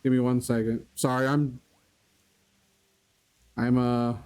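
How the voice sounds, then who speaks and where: Speaking slowly and with a flat delivery, a man chats casually with his live-stream viewers as he plays a video game, often laughing and naming people in chat. His medium-pitched voice is smooth with a darkish tone.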